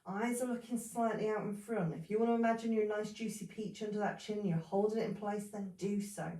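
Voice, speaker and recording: A woman leading a yoga class, calmly calling out poses and breaths step by step with a little humor. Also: medium pitch, fairly quick, distant mic. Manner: calm step-by-step cueing, breath counts, light humor. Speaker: yoga instructor. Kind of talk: guided yoga instruction. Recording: roomy, voice a bit off-mic.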